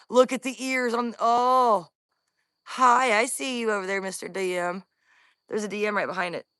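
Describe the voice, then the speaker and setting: A frightened woman films on her phone out in the woods, her voice jittery and breathy as she slips between low talk and hushed whispers. The sound is close and dry, with no room around it. Her pitch stays in an ordinary middle range. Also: no room sound. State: breathing heavily from fear. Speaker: paranormal vlogger. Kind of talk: live outdoor investigation vlog. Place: woods outdoors.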